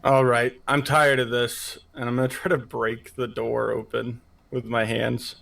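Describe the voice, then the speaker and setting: A man's voice: mid-range voice, flat delivery, measured pace, vocal fry, fairly bright tone. A man playing a tabletop game, talking casually and a little hesitantly. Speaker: player.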